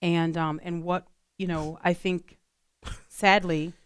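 A woman's voice: on the low side, little pitch movement, slow pace, smooth, no room sound, clean studio sound. A woman co-hosting a radio talk show, chatting earnestly with plenty of fillers. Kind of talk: casual talk radio chat.

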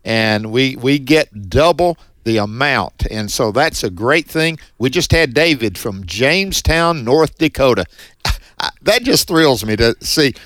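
A man with a strong Mississippi Southern drawl talks in a folksy, upbeat, chatty way on a Christian radio program. His voice sits at an everyday middle pitch. The studio sound is dry and close. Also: lively intonation, measured pace, fairly bright tone, no echo. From Northeast Mississippi, USA. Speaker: radio co-host. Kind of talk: Christian radio fundraiser chat. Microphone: studio microphone.

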